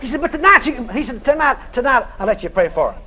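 A preacher man with a strikingly high voice, telling a church story with lively swings in pitch. He acts out the voices of the people he talks with and laughs through the funny parts. There is a faint hiss of background noise. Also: fast talker, a crowd in the background. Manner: animated storyteller acting out dialogue, laughing. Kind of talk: sermon storytelling.

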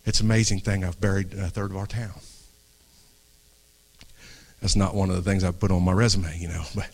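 Preacher guy, middle-aged, lowish voice, goes quiet then gets all fired up, keeps restarting his sentences. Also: flat delivery, brisk. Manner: earnest, swings from hushed to raised, restarts phrases. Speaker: pastor. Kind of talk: impassioned sermon. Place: church before a congregation.

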